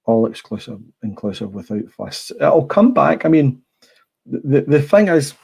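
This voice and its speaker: A man's voice: mid-range voice, big pitch swings, moderate pace, creaky, warm tone, slightly rough. A middle-aged Scottish man hosting a casual livestream, blunt and rambling, swearing freely. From Scotland. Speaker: livestream host. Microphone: small clip-on mic.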